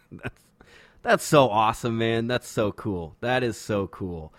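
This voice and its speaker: A man hosting a podcast in casual chat, reading listener emails in a relaxed, filler-heavy way, often saying "man.". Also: fairly low pitch, slow pace, dry recording. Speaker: podcast host. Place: home studio in a backyard.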